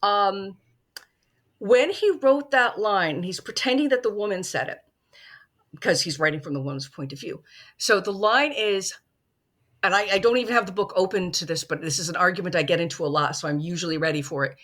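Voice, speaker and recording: A woman making her case as prosecutor in a mock film trial, talking animatedly in quick bursts with restarts. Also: mid-range voice, fairly bright tone. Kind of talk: casual podcast debate.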